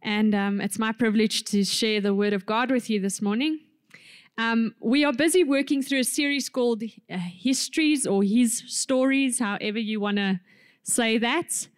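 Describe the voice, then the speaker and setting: A woman's voice: on the high side, moderate pace, smooth, dry recording, clean studio sound. A woman introducing a sermon in church, chatty and informal. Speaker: preacher.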